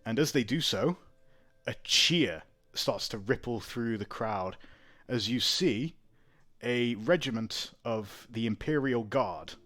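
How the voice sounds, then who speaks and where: Male game master, mid-pitched, loose chatty narration with frequent laughs. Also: expressive, slow, a bit bright. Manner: laughs often, loose with fillers.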